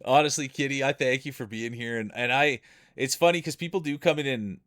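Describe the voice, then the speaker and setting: A man's voice: mid-range voice, fairly quick, fairly bright tone. A man with a Canadian accent giving chatty play-by-play commentary on a live stream. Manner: chatty play-by-play with frequent laughs.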